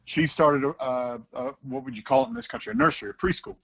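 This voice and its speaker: A man's voice: a little high, fast talker, creaky, husky, muffled recording. A man, a teacher talking casually in an interview and acting out voices as he tells stories. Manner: animated storyteller who acts out voices.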